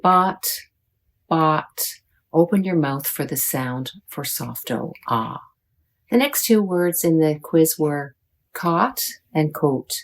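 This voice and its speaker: Slow, low-voiced woman teaching pronunciation. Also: darkish tone. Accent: American. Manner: deliberate, modeling sounds for learners. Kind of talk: slow, careful pronunciation lesson.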